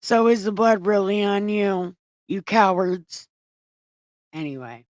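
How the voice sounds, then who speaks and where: A woman reads scripture in a casual way and keeps breaking in with sarcastic, profane remarks. She talks slowly, in a mid-pitched voice. The recording is dry and close, with no room echo. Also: darkish tone. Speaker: online Bible reader and commentator. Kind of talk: casual scripture reading with commentary.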